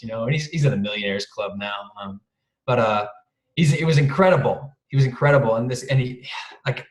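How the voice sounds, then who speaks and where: Rambling, chuckling man on a roomy call. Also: mid-range voice. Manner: rambling, chuckling often, swears casually. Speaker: guest speaker. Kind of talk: casual storytelling. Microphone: video call. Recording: roomy video call audio.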